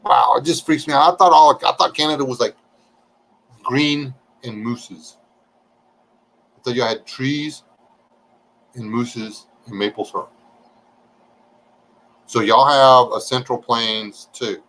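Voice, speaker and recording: A man's voice: medium pitch, slow pace, long pauses, a bit bright, low-quality recording. A man, chatting casually and joking with viewers on a livestream. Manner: folksy, joking, reading chat aloud.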